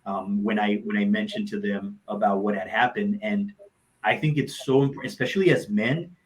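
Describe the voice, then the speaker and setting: A man's voice: lowish voice, steady tone, fairly quick, rough recording. Earnest man telling heartfelt stories. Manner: heartfelt, repeats phrases for emphasis. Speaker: motivational speaker and coach, guest. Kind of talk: earnest personal storytelling on a live talk show.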